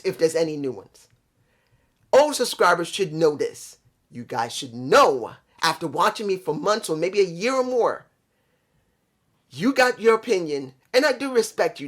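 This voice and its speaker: Animated ranting man from New York. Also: sits high. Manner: blunt, profane, frustrated, addresses subscribers. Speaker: wrestling review vlogger. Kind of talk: ranting casual review.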